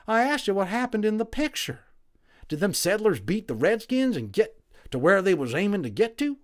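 A cranky, rough-mouthed cowboy played by a male reader with a gruff, scornful drawl. The voice is pushed high above the reader's own and leaps about in a lively storybook reading. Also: normal speed.

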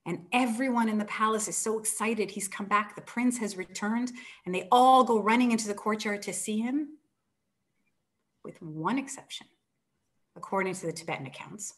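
An author, a woman, retelling an old tale with animated storytelling and acted-out quotes. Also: mid-range voice, moderate pace. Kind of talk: book talk, retelling a story.

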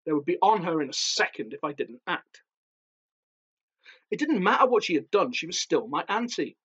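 A man, an author, reading his own horror story aloud in a measured, darkly theatrical way. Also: on the high side, big pitch swings, a bit bright, breathy edge, dull audio.

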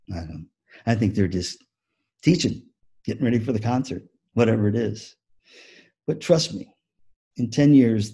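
A man's voice: lowish voice, slightly rough. A man giving a conference keynote talk to music educators, telling stories animatedly and acting out the people in them. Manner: animated storytelling with acted-out quotes. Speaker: keynote speaker.

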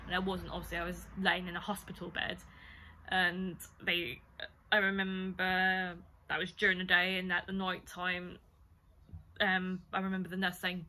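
A woman's voice: lowish voice, flat delivery, moderate pace, bright, forceful tone, slight background noise. A young woman, casually telling a story-time vlog, chatty and rambling with lots of fillers. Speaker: vlogger.

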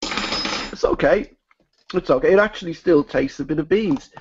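A man giving a comedic food review in a deadpan, mock-solemn way, played from a video clip. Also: fairly high pitch, fast, highs cut off, noisy background.

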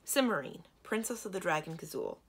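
A brisk, practical young princess in a storybook, quick to demand answers and short on time, as a woman reading aloud puts her on. Her voice sits low with a slight rasp. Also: big pitch swings, heavily acted.

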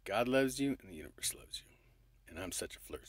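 A man's voice: low-pitched, expressive, a little fast, no room sound, clean studio sound. Rambling, profane man vlogging. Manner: rambling, profane, affectionate, addresses viewer as babe. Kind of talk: rambling motivational vlog monologue.

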